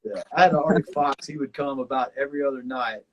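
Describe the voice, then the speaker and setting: A man's voice: medium pitch, fast talker, muffled recording. A man with a Southern accent, chatting casually and reflectively about his time on a survival show. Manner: relaxed, rambling, many fillers. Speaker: former survival show contestant. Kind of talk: casual chat.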